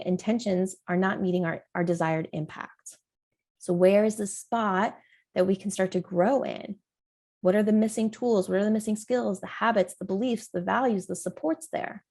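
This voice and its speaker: A woman's voice: medium pitch, fairly even intonation, moderate pace, darkish tone. A middle-aged woman hosting a parenting podcast, talking alone in an earnest, encouraging way. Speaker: parent coach and podcast host. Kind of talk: solo podcast talk.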